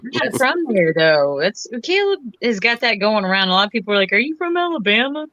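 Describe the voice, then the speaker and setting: A woman's voice: medium pitch, sing-song, brisk, fairly bright tone, dry recording. A woman from Iowa chatting casually and giggling between remarks. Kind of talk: casual chat. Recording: dull lo-fi sound with faint noise.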